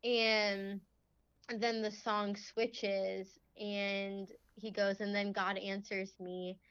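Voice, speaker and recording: A young woman guest telling a faith story in casual chat, full of "like"s and quick laughs. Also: medium pitch, level tone, a bit bright, clear, resonant tone, dry recording. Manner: chatty, many fillers and "like"s, laughs often. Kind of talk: casual testimony in a faith podcast. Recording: slightly dull, lo-fi.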